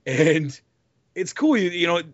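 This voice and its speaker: A man's voice: high voice, sing-song, unhurried, dry recording. A man co-hosting a casual movie podcast, teasing his partner and playfully slipping into quoted voices. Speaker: podcast co-host. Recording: dry, dull lo-fi sound.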